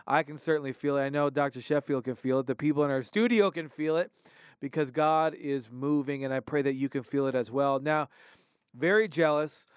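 Man, religious show host, fervent, smooth resonant voice, dry. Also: medium pitch, dry recording. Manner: fervent, quick prompting. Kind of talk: religious talk show hosting.

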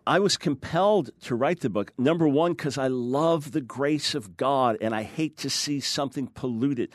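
A man's voice: mid-range voice, no echo, clean studio sound. Emphatic man explaining scripture. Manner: emphatic, fast explaining, acts out quoted voices. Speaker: guest author. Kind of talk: teaching in a TV interview.

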